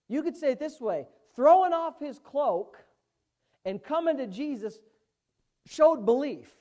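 A woman preaching a sermon, emphatic, swinging from hushed asides to loud, fervent exclamations. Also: fairly high pitch, lively intonation, measured pace.

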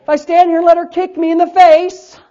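A man preaching a sermon, quoting scripture and building to loud emphatic points. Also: very high-pitched, level tone, brisk, muffled recording. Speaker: pastor.

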